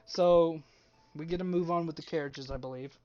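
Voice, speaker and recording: Laughing, animated young man. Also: a little high, normal speed, highs cut off. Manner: animated, laughs often, swears. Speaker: player. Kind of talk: casual tabletop game chat.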